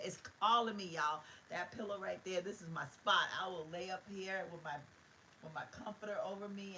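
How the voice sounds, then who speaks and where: Speaking in a low, bright, forceful voice, a middle-aged woman streams live from her bedroom, where she works as a vlogger. Her casual chat with viewers is heartfelt and wanders. The audio is poor and has slight background noise.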